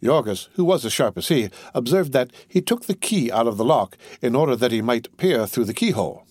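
A man reading a novel aloud as narrator, with expressive, lively storytelling. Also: mid-range voice, fairly quick, husky, no echo, studio quality. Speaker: audiobook narrator.

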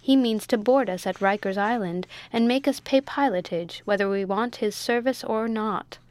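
A woman reading an audiobook, voicing a calm, polite young male ship's mate. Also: medium pitch, moderate pace, no echo, close to an everyday voice.

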